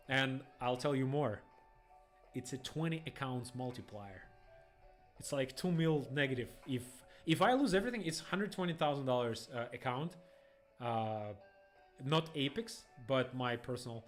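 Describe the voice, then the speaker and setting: A young man, rambling excitedly through live trading stream commentary in phrasing. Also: medium pitch, moderate pace, faint music behind. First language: Russian. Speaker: day trader streamer.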